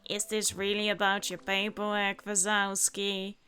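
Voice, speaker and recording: A woman voicing a stern female monster clerk who speaks in a very slow, drawn-out, flat drone. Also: medium pitch, soft background music, pitched below the performer's own voice. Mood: droning.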